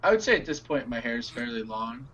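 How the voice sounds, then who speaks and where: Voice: medium pitch, sing-song, quick pace, fairly bright tone, dull audio, a little hiss or hum. A tabletop game player talking in a rambling way, restarting sentences, swearing and laughing often.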